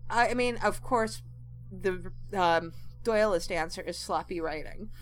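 A woman's voice: medium pitch, unhurried, faint music behind. A woman co-hosting a podcast, chatting casually with fillers and asides. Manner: talkative, lots of fillers and asides. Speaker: podcast co-host. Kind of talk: casual chat.

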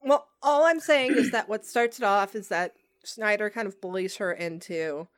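A woman in a relaxed podcast discussion, working through her points with plenty of "kind of" and "like". Her voice is close and dry, with no room sound around it. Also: mid-range voice, normal speed, dry recording. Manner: thoughtful, hedging with fillers. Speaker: podcast co-host. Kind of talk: casual discussion of a TV episode.

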